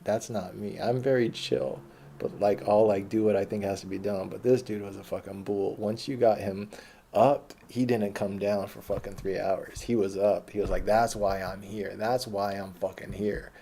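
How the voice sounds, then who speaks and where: Gravelly low-voiced man rambling a story. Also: fairly even intonation, moderate pace, mellow. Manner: rambling, profane, self-correcting. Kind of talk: casual autobiographical storytelling.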